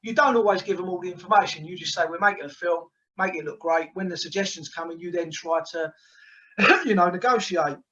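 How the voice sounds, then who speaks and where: A man with a London accent, a filmmaker guest telling quick, animated anecdotes. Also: high-pitched, lo-fi sound. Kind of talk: casual chat.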